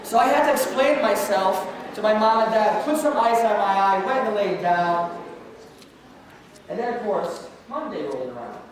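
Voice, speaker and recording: Man, high voice, school assembly speaker, story and audience Q&A, heard far off in a booming hall. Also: animated, normal speed, crowd noise. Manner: storytelling, joking with the audience, calling out questions to students. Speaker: anti-bullying speaker and martial arts teacher. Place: large echoey school hall with student audience. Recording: echoey hall from far off, faint noise.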